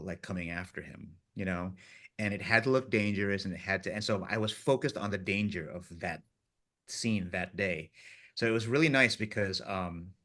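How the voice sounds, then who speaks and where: A man, a film director, chatting in an interview and telling animated stories from the set, acting out his crew's lines and laughing often. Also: fairly low pitch. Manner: animated storyteller, acts out crew voices, laughs often. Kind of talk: casual interview chat.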